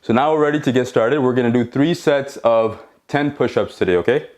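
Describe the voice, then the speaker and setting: A man's voice: mid-range voice, fairly quick, a little mellow. Encouraging male home workout coach. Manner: encouraging, checks in with frequent "okay?"; counts reps while exercising along. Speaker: fitness instructor.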